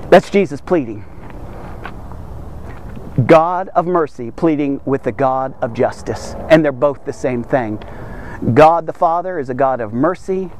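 A man's voice: on the high side, a little slow, pauses often, a little mellow, slight background noise. A man preaching a devotional sermon, emphatic and repetitive, often checking in with "okay?".

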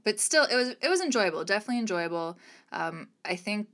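A woman co-hosting a film podcast in casual chat, playful and quick to laugh. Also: medium pitch, sing-song, fairly bright tone. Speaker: podcast co-host.

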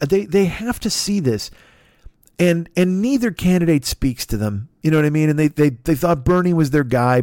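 A man's voice: darkish tone, no echo, clean studio sound. A man, the host, delivering a heated, profane comedic political rant. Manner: heated, profane, sweeping swings in pitch.

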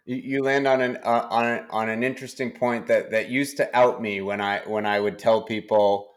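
A man with a New Hampshire accent, a company CEO speaking as a guest in an interview, halting and often repeating words. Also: lowish voice, little pitch movement. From New Hampshire, United States.

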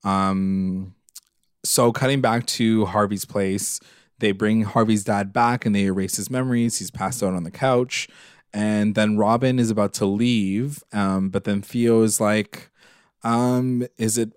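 A man with a fairly low voice co-hosts a casual TV recap podcast. He talks in loose runs full of fillers and gets animated as he retells emotional scenes. The close mic sounds dry, with no room around him. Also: clear, resonant tone, dry recording. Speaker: podcast co-host. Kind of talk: casual chat recapping a TV episode.

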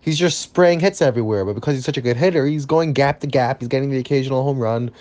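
A man reacting as a baseball fan in a ranting vlog, exasperated and repeating himself, then settling into calmer analysis. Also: mid-range voice, fast talker, no room sound.

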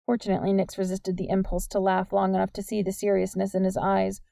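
A woman narrating a young adult novel as an audiobook in a steady, measured way. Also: medium pitch, creaky, no echo. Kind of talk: scripted narration.

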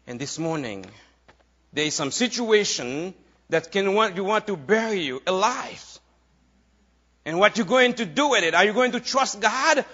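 A high-pitched man delivers a sermon at an unhurried, drawn-out pace. He repeats key phrases in a steady preaching rhythm, and the lo-fi recording sounds muffled. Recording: dull lo-fi recording.

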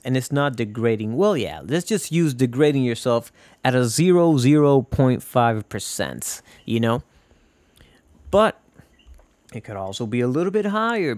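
A man's voice: mid-range voice, darkish tone, dry recording. A man hosting a casual solo podcast, rambling from tangent to tangent, swearing and joking. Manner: rambling, profane, jokey. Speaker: podcast host.

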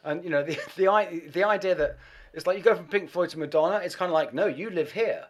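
A man, a guest musician, telling anecdotes in an animated, self-deprecating way, with plenty of swearing. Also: high-pitched, fast talker. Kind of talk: anecdotal storytelling.

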